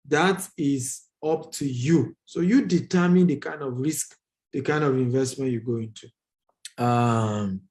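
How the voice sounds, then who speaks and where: A man's voice: mid-range voice, darkish tone. A man hosting a live investment training, talking straight to his viewers, emphatic and repetitive as he answers their comments.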